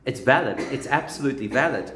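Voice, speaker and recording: A man's voice: medium pitch, lively intonation, fast, roomy sound, noisy background. A man, a rabbi, giving a conversational Torah lesson and telling humorous anecdotes.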